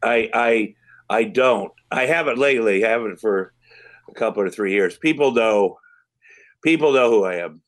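Hesitant middle-aged man, low voice. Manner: hesitant, halting, many fillers and restarts. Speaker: podcast guest, actor and comedian. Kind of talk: casual interview answers.

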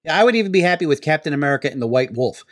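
A man's voice: on the high side, animated, rapid-fire, no echo, studio quality. A man hosting a podcast in casual chat, rambling with hesitant fillers. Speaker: podcast host.

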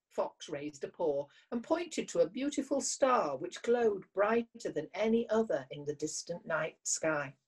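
Slow, husky-voiced woman reading a story. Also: low-pitched. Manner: expressive, measured reading. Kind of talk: storybook read-aloud.

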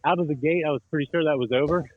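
A man's voice: on the high side, racing, no echo, phone-quality sound. A man wearing a mic on the field, out of breath and joking about himself. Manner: jokey, self-mocking. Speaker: mic'd-up player. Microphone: wireless mic worn on the field.

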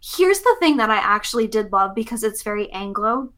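Bright-voiced, chatty woman co-host. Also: a little high, sing-song, a little fast. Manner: chatty, laughs often, thinks out loud. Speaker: podcast co-host. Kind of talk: casual chat.

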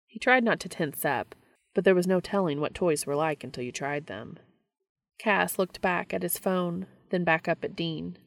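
A woman narrating a story aloud in a steady, even reading voice. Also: fairly low pitch, normal speed, creaky, dry recording. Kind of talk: audiobook reading of fan fiction.

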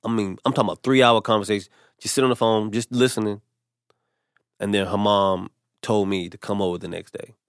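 A man with a fairly low voice tells a personal story in a relaxed podcast chat. He slips into the voices of the people he quotes. The sound is dry and close to the mic. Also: a little fast, no room sound. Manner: animated storyteller acting out quotes. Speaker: comedian guest. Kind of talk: casual storytelling.

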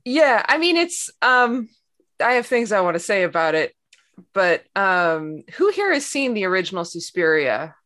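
A woman who is a comics artist, chatting casually on a podcast. She hesitates with many ums and throws in deadpan asides. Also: mid-range voice, moderate pace. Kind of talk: casual chat.

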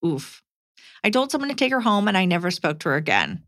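A woman co-hosting a casual podcast, reading a listener letter aloud with lively emphasis. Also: medium pitch, fast talker, no room sound, clean studio sound.

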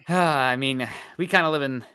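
A man's voice: a little high, a little slow, pushed and bright. A man co-hosting a fan livestream, casually reading out viewer comments and greeting the chat. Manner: reads viewer comments aloud, easygoing.

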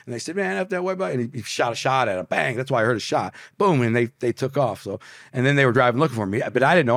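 A man's voice: mid-range voice, a bit bright, dry recording. Man telling an intense story, dry sound. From Detroit area, US. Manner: intense, vivid, slangy retelling. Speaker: podcast guest. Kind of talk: storytelling in a podcast interview.

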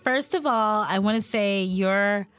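A woman's voice: mid-range voice, a little slow, fairly bright tone, no echo, soft background music. A woman hosting a podcast, chatting casually and bubbly with a guest, laughing often. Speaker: podcast host. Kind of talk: casual interview chat.

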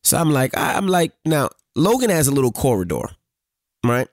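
A man's voice: mid-range voice, sing-song, normal speed, no echo, studio quality. A man co-hosting a podcast, casually telling a family story and swearing freely. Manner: storytelling, acts out quoted dialogue, swears freely. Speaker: podcast co-host. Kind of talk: casual chat.

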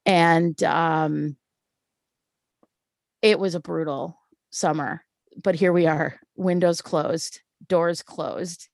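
A woman, a guest, telling a personal story in an animated way and acting out the voices of the people in it, often close to tears. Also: low voice, very slow, vocal fry, long pauses, no echo. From Canada. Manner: animated, acts out quoted voices.

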